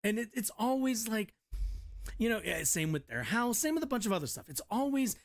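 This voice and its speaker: A man's voice: sits high, very animated, a little fast. A man streaming casual commentary, rambling and profane, often restarting his sentences. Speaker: streamer reading and reacting to news.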